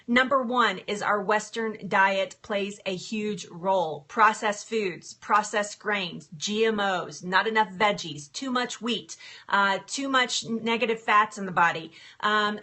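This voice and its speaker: A woman's voice: mid-range voice, bright, forceful tone. A woman hosting a casual live stream, bubbly and giggly, chatting to viewers by name from her kitchen. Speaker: livestream host, health coach. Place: home kitchen. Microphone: phone camera.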